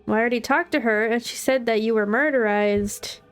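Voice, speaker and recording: A woman's voice: fairly high pitch, a little fast, smooth, soft background music. A woman chatting casually and joking to herself as she plays a video game. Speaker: gameplay commentator. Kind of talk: casual gameplay commentary.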